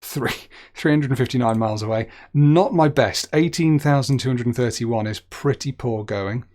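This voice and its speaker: A man's voice: mid-range voice, moderate pace, a little mellow. A young man streaming a geography guessing game, chatting as he thinks aloud and making light of his own mistakes. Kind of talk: gaming commentary.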